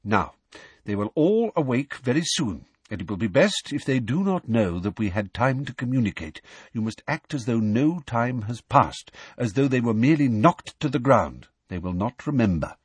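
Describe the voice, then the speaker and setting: A man doing a wise elderly wizard who speaks low and earnest. The voice is husky yet lively in its rises and falls, recorded dry and close. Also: moderate pace, dry recording. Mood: grave. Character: wise elderly male wizard headmaster, calm and grave.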